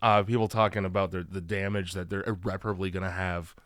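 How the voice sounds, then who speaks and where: A man co-hosting a movie podcast, mocking the film with animated, swearing humor. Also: low-pitched, fast talker, no room sound, studio quality. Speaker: podcast co-host. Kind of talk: casual movie-review banter.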